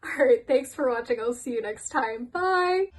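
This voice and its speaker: A woman's voice: high-pitched, animated, moderate pace, over music, poor audio. A woman giving a casual rant vlog, blunt and sweary, often laughing. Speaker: YouTuber.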